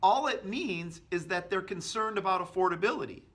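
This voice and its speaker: Bright, energetic male sales trainer. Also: sits high, moderate pace. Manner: energetic, acts out customer and agent lines. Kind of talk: instructional talk to camera.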